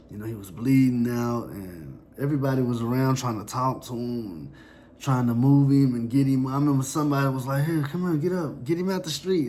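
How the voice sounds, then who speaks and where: A man telling a personal story in a somber, reflective, halting way. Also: mid-range voice, darkish tone, a little hiss or hum.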